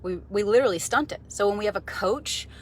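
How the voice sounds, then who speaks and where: A woman's voice: mid-range voice, fast talker, a little hiss or hum. A woman in her forties talking casually to camera from a car, enthusiastic and conversational, with fillers and restarts. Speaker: vlogger, mindset coach. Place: parked car.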